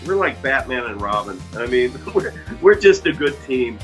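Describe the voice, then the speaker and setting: A man's voice: mid-range voice, big pitch swings, normal speed, faint music behind. A middle-aged man telling heartfelt personal stories about his dog, earnestly repeating key phrases for emphasis. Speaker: dog owner and vlogger.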